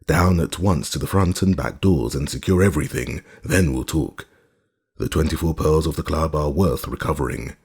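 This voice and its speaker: A rigid old storybook colonel with a raucous, harsh undertone, barking orders, as a male narrator plays him. The voice is very deep and gravelly, with a husky edge. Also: normal speed, darkish tone, exaggerated voice. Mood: commanding. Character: stiff military colonel, older man, harsh and rigid.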